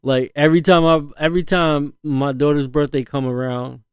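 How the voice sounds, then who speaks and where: A man's voice: on the high side, fairly even intonation, moderate pace, smooth, no room sound, clean studio sound. A man in his thirties, a father, rambling through a casual story, full of fillers and slang. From northern US. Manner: laid-back, rambling, frequent fillers and slang, laughs often.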